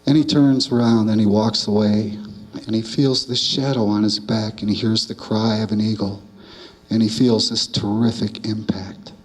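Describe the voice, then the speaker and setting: Low-voiced male storyteller, calm and measured. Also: low-quality recording. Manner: calm, measured, repetitive cadence. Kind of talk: oral storytelling of a traditional tale.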